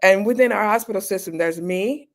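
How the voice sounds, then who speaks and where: Fifty-something woman doc on an interview, frank and dry, bit of gravel in the voice. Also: medium pitch, fairly quick. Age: 50s. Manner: frank, conversational, with dry humor. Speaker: guest, emergency doctor and speaker. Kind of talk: candid interview storytelling.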